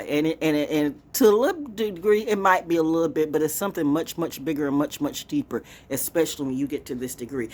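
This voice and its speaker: A woman talks to her camera in a loose, rambling monologue, dropping to hushed asides and then bursting into excitement. Her pitch leaps all over as she talks. A faint outdoor hum sits behind her. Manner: animated, swings from hushed to exclaiming. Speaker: spiritual vlogger, oracle reader.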